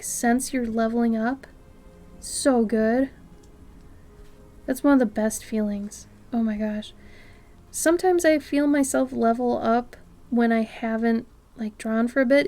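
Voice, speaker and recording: Her voice on the high side, this woman artist chats loosely with live-stream viewers. She frequently drops almost to a whisper and then breaks out in excited exclamations.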